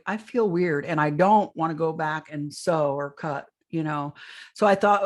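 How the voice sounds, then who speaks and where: A woman's voice: fairly low pitch, normal speed. An older woman, a podcast interview guest, telling a long first-person account of a strange experience, rambling and often restarting her phrases.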